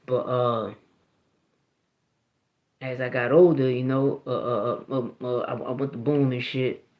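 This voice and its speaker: A man's voice: medium pitch, steady tone, normal speed, echoey room, muffled recording. A man, telling stories in a casual, profane, rambling way full of restarts and "you know what I mean". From Philadelphia, USA. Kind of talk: casual storytelling.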